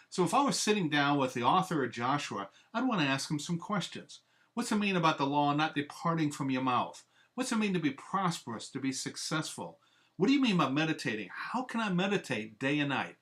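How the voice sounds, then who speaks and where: A man's voice: fairly high pitch, big pitch swings, a little fast, fairly bright tone. A man giving an earnest, methodical instructional training talk as a discipleship trainer, laying out simple steps one by one.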